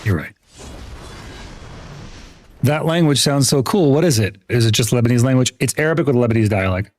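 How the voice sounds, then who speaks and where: Young guy gaming on stream, mid-pitched, keeps saying like and restarting, laughs a lot. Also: expressive, a little fast, a little mellow. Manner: rambling, full of "like" and restarts; laughs easily, chatty with viewers. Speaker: gaming livestreamer. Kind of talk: casual chat while gaming.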